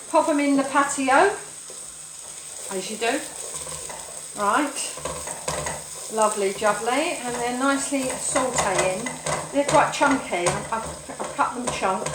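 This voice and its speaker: Woman, cooking show host, chatty and playful, higher voice, echoey kitchen, faint background noise. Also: a bit bright. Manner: chatty, playful, rambling, talks to viewers and dogs. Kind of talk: casual live-stream cooking chat. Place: home kitchen. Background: frying and sizzling food.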